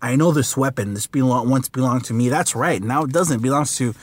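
A man voicing a gloomy, menacing male dark lord, muttering his lines slowly. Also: mid-range voice, no echo, close to an everyday voice. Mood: brooding.

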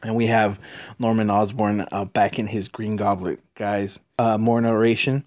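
A man hosting a podcast, giving a casual, halting recap of a comic book with many fillers. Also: on the low side, level tone, darkish tone. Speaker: podcast host.

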